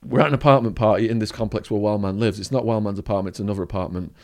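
A man's voice: on the low side, very fast. English man telling a vivid story. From England. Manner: vivid storyteller, acts out quoted voices. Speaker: podcast guest. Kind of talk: storytelling interview.

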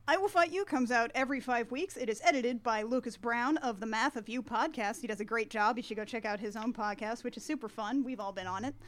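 A woman hosting a podcast in casual chat, playful and animated, laughing often. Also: a little high. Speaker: podcast host.

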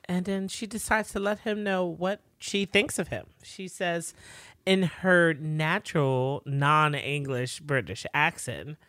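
A woman's voice: low-pitched, slow pace, fairly bright tone, no room sound, studio quality. A woman co-hosting a podcast, retelling TV scenes in playful, casual chat. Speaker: podcast co-host.

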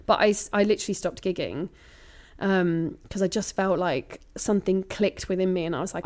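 A woman in her thirties, a comedian being interviewed, talking candidly and reflectively, often lively and laughing. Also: on the low side, normal speed.

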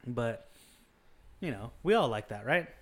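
Profane, animated man in casual chat. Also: mid-range voice, unhurried.

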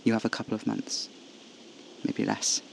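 A man voicing a solemn, remorseful male vampire who speaks quietly and gravely, apologizing. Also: on the low side, monotone, moderate pace, in a whisper, voice pushed down. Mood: somber.

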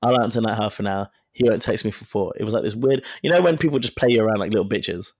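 Man telling a frank, animated story. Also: lowish voice, quick pace, dry recording. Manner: animated storytelling, acting out quoted dialogue; frank and profane. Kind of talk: casual chat.

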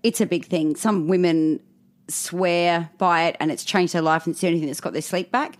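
Candid, low-voiced woman. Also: normal speed. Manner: candid, storytelling, acts out quotes. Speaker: podcast co-host. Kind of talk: casual chat.

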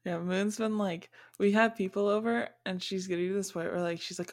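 A woman hosting a podcast from home, chatting casually with plenty of fillers and lively stories about her cat. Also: medium pitch, brisk. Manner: chatty, filler-heavy, animated storytelling. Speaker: podcast host. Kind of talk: casual chat. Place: home, remote recording.

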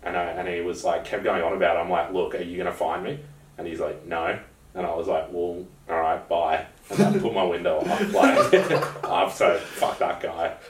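A young Australian man with a very low voice, chatting bluntly on a podcast. He swears freely and wanders into asides while he tells his stories. He sounds roomy, as if he sits some way back from the mic. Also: expressive, moderate pace, distant mic. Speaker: podcast co-host. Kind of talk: casual chat.

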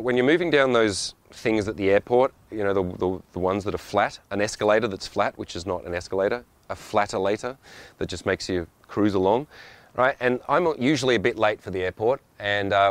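Host type, lower male voice, blunt and sweary, rambling monologue, dry close sound. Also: no echo. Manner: blunt, profane, rambling with frequent asides. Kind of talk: casual monologue.

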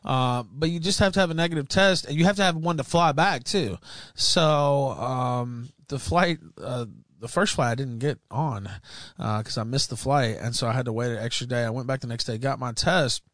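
A man's voice: medium pitch, normal speed, a bit bright, dry recording. Guy hosting a podcast, rambling and swearing a lot, dry close sound. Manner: rambling, profane storytelling with many fillers. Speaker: podcast host. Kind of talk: casual chat.

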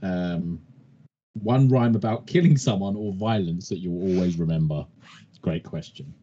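Co-host: very deep, husky man, chatty, muffled lo-fi recording. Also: normal speed, warm tone. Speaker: podcast co-host. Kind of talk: casual podcast chat. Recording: dull lo-fi sound.

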